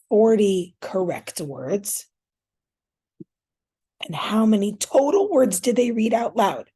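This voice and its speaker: A woman's voice: mid-range voice, darkish tone, breathy edge. A woman teacher walking viewers through scoring a reading fluency test, chatty and casual, thinking aloud as she works on screen. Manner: casual, chatty, talks to viewers as you guys.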